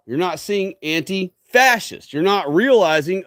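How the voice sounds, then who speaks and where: High-voiced man in a dry, ranting monologue. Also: animated, unhurried, hardly any pauses, a bit bright, dry recording. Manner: ranting, preachy, emphatic lecturing; frequent tag questions, "okay?" and "right?". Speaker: livestream host. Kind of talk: solo livestream monologue.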